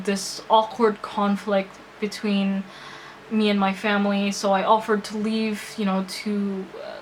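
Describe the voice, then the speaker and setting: A woman's voice: mid-range voice, fairly bright tone, a little hiss or hum, poor audio. A young woman telling a personal story to her vlog audience, earnest and emotional, full of hesitations and restarts. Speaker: vlogger.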